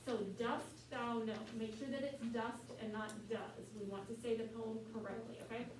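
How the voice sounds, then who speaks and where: A choir teacher with a fairly high voice leads a class, walking students through their music and chanting lyrics slowly. She sounds far from the mic in an echoey classroom with steady background noise.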